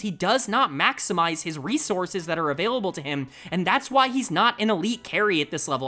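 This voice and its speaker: A man's voice: high voice, pushed and bright. A young man giving a solo esports analysis in an emphatic, opinionated way. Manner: emphatic and opinionated, rapid-fire delivery.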